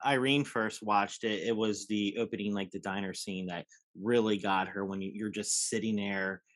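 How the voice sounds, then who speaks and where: A man's voice: lowish voice, steady tone, normal speed, fairly bright tone. A man hosting a casual chat, telling anecdotes enthusiastically with lots of filler words.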